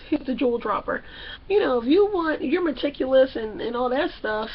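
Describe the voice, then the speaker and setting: A young woman vlogger recapping a reality show in a loud, sassy, animated way, acting out the people she talks about. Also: sits high, husky, dull audio. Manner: loud, sassy, acts out characters. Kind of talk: animated casual recap with acted-out quotes.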